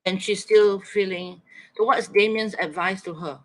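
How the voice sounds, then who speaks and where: A man's voice: sits high, moderate pace, low-quality recording. A man teaching an online writing lesson, coaxing students, thinking aloud and repeating their chat answers back.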